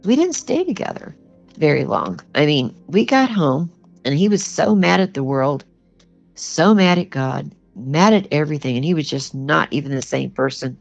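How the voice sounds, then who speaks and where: Speaking at a moderate pace with vocal fry, this older woman guest tells her own story in a low, expressive voice. Her talk is plainspoken, earnest and full of "you know"s, captured on a dull, lo-fi recording with faint background music.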